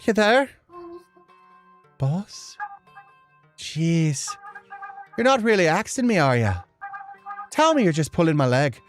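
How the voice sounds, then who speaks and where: A woman voicing a fast-talking, anxious male mouse deliveryman with an Irish accent, in a pleading, theatrical way. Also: lowish voice, very animated, faint music behind. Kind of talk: let's play voice acting.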